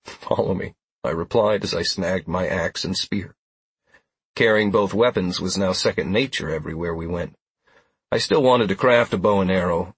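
Male first-person audiobook narrator, steady delivery, breathy husky tone, close and dry. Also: on the low side, dry recording.

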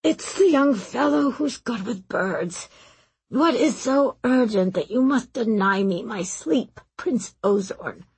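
A woman voicing a tall, gentle old male master mage who is fond of animals, with a light, breathy voice and a soft, doting murmur. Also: fairly high pitch, lively intonation, takes it slowly, no echo, pitched above the performer's own voice, heavily acted. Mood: brisk.

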